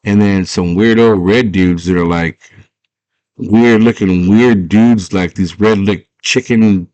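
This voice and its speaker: A man's voice: lowish voice, steady tone, slow, a little mellow, dry recording, lo-fi sound. A man casually retelling a movie plot, rambling and full of filler words. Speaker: storyteller.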